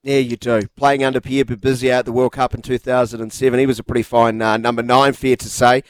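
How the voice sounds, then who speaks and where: A man's voice: mid-range voice, little pitch movement, quick pace, no room sound, low-quality recording. A man hosting a sports podcast, chatty and friendly, often hedging as he asks his questions. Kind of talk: casual interview.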